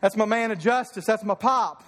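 Fervent high-voiced preacher, echoing hall. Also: male voice, moderate pace, noisy background. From Kentucky. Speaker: pastor. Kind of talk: sermon.

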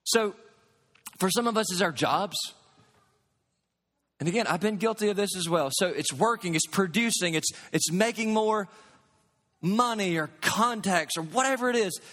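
A high-pitched man preaching with a drawl, his voice carried by a long reverb as in a large church sanctuary. He pushes loud on his points, then drops low and quiet, in an animated sermon delivery. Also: moderate pace, pauses often. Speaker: pastor.

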